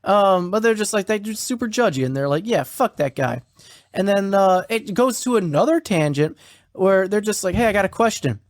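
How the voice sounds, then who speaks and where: A man co-hosting a podcast, casually recapping a story and quoting its characters in a flat, offhand way, swearing now and then. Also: sits high, normal speed, no echo. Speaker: podcast co-host.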